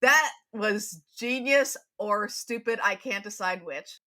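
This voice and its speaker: A woman's voice: mid-range voice, slow, pushed and bright. A woman co-hosting a TV recap podcast, chatting casually, laughing often and reading a history segment steadily. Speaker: podcast co-host.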